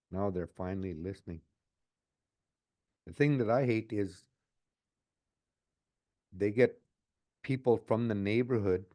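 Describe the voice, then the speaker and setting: A man in his late sixties with a fairly low, dark-toned voice speaks earnestly in an interview as a community advocate. His talk is reflective, and he often repeats his phrases.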